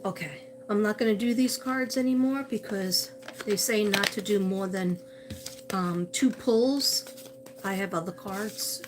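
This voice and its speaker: A woman's voice: mid-range voice, a little slow, background noise. A woman psychic medium doing a livestream reading, calling out to a missing person and repeating his name as she searches. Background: music.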